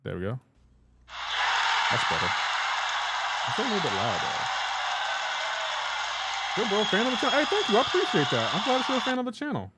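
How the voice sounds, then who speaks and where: Lively chatty male game streamer. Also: high-pitched, a little fast, long pauses, very noisy. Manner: chatty, reads and answers chat aloud; joking, teasing. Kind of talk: casual live-stream chat.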